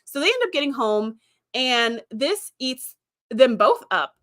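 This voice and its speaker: A woman's voice: high voice, very animated, measured pace, a bit bright. A woman host recapping episodes in a chatty way, with fillers and quoted lines acted out. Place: streaming setup.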